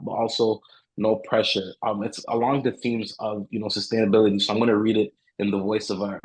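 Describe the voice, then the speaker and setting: A man's voice: lowish voice, breathy edge, poor audio. A man hosting an online panel, chatting loosely with fillers, then reading a formal closing. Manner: casual with fillers, then formal read-out outro. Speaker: host. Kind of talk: panel moderation and scripted closing.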